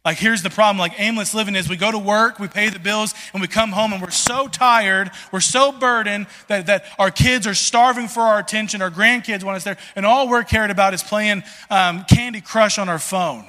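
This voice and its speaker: A man preaching a sermon in a conversational, animated way, full of restarts and filler words. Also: high voice, normal speed, hardly any pauses. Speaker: pastor. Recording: long reverb in a large hall.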